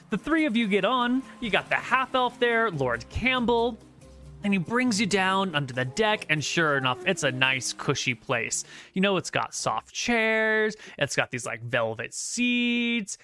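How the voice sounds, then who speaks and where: Man running a tabletop game, rambling with lots of fillers, fairly high voice, dry close sound. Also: bright, forceful tone, no echo. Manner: rambling, searching for words, many fillers. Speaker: game master. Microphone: online voice call.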